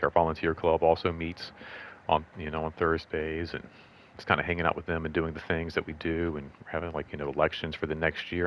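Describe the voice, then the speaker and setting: Low-voiced man rambling through a story. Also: a little hiss or hum. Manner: rambling, lots of fillers and "like"; acts out quoted voices in higher pitch. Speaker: host. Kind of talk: casual storytelling vlog.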